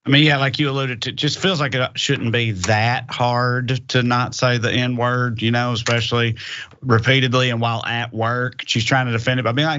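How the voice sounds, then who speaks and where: A man's voice: mid-range voice, steady tone, moderate pace, pushed and bright, muffled recording. A man commenting casually, in a wry, incredulous and conversational way. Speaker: guest commentator.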